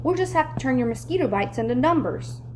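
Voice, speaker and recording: A woman's voice: high voice, expressive, fast, noisy background, pitched above the performer's own voice. A woman reading aloud, voicing a strict female teacher with a firm, matter-of-fact manner. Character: strict, dry-witted female schoolteacher.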